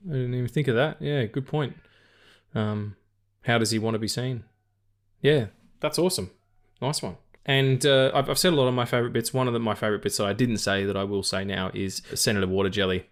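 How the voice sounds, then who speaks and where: A man chatting about films as a podcast co-host, with a voice of ordinary middle pitch. He jokes around, swears freely and breaks into laughter often. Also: a little fast. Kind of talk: casual film chat.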